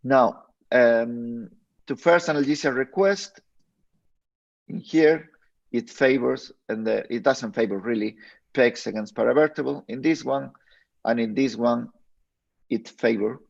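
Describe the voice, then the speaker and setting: A man giving an online medical lecture, walking listeners through slides and addressing them directly, often halting and restarting phrases mid-word. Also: mid-range voice, gravelly. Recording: dull lo-fi stream audio.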